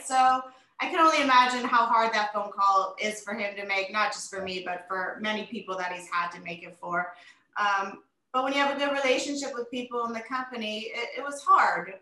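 Woman, forties, bright voice, fairly high, animated storyteller, roomy echo. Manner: animated, emotional storytelling with many fillers. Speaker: interview guest, retired wrestler. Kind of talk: casual interview chat.

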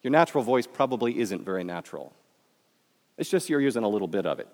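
A man's voice: fairly low pitch, very animated, fast, big-room sound. A man from Michigan with a Midwestern American accent, giving a public talk in a conversational, joking way and speaking straight to the audience. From Michigan, USA.

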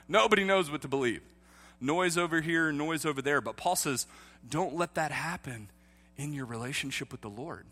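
A man preaching a sermon as pastor, moving from calm teaching to loud impassioned preaching. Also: a little high, normal speed, long reverb tail. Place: church, streamed online.

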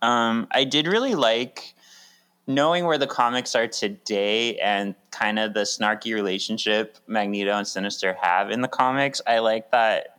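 A man with a smooth, fairly low voice co-hosts a casual podcast at a normal speed. He chats in an animated way and laughs often.

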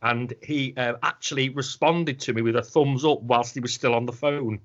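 A man's voice: mid-range voice, steady tone, normal speed, a bit bright, dull audio. A man co-hosting a casual podcast chat, rambling and sweary, often slipping into mock voices. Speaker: podcast co-host.

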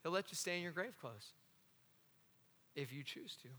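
A male pastor preaching an impassioned sermon, swinging from loud cries down to hushed, intense lines and acting out the voices he quotes. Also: fairly high pitch, expressive, moderate pace, in a large hall.

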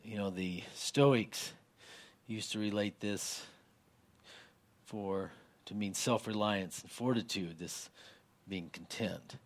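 A man preaching a sermon in a conversational way, with many fillers, growing more forceful when he reads scripture aloud. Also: on the low side. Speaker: pastor.

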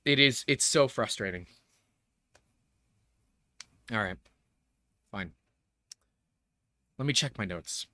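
A man hosting a live stream, upset and anxious, talking in halting, stammering restarts with heavy sighs. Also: medium pitch, animated, pushed and bright, no echo, clean studio sound. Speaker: live streamer and show host. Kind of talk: live-streamed tech talk.

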